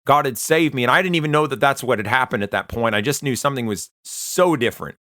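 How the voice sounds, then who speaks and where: A man giving an earnest, conversational personal testimony, often pausing and restarting as he tells his story. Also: mid-range voice, fairly bright tone, dry recording, studio quality. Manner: earnest, conversational, halting retelling. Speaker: Christian testimony speaker.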